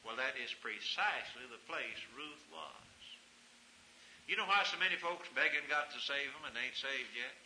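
A man preaching a sermon, fervent, swinging from hushed tones to shouting. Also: mid-range voice, animated, normal speed. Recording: echoey room recording with hiss.

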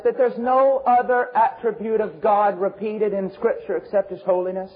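Man, preacher, fervent sermon, high-pitched, dull lo-fi recording. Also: moderate pace, few pauses, husky. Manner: fervent, swings from shouting to low intense tones.

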